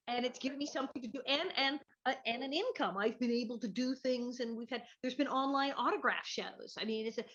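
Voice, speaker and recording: A woman's voice: fairly high pitch, fairly bright tone, dull audio. A woman comedian in a casual chat from her living room, chatty and self-mocking, often restarting her sentences. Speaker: guest, actor and comedian.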